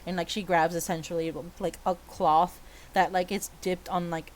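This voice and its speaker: A woman's voice: lowish voice, flat delivery, normal speed. A woman narrating a tabletop game as game master, in a casual, filler-heavy way.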